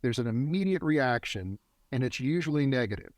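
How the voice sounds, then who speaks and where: Recorded with no echo in a warm, quiet place where a generator hums nearby, an earnest middle-aged guest who facilitates men's work reflects in an interview. His medium-pitched, darkish voice is animated, and his teaching manner speeds up and slows down.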